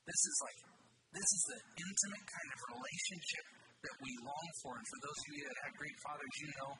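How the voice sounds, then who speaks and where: A man preaching a sermon with earnest, animated delivery that swoops suddenly high on key words. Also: a little fast. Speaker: pastor. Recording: distant mic with loud background noise.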